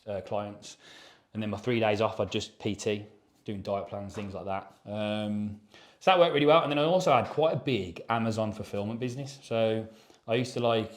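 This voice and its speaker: Male podcast co-host, 30s, mid-pitched, casual and sweary, echoey room. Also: moderate pace. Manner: rambling, sweary and matter-of-fact. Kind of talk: casual chat.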